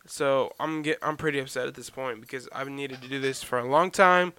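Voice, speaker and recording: A young man from Oklahoma hosting his own podcast at home, telling a rambling, animated story in casual chat and breaking off to scold his dog. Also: medium pitch, a little fast, clean tone, no room sound. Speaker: podcast host.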